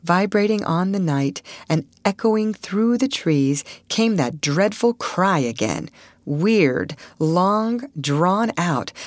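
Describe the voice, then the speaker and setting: A woman reading a classic adventure novel aloud as an audiobook narrator, measured and expressive. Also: lowish voice, dry recording.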